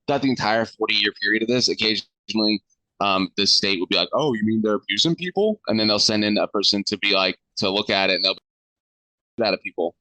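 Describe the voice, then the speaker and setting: A man's voice: lowish voice, bright, forceful tone, no echo, rough recording. A male podcast guest explaining history in a hesitant way, with many fillers. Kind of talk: casual podcast chat.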